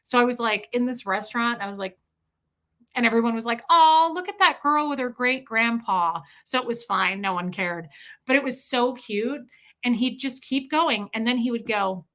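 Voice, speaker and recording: Woman chatting on a livestream, bright tense voice, kinda high, tells stories in quick bursts. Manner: animated rambling storytelling, quick bursts. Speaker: livestream host answering viewer questions. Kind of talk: casual chat.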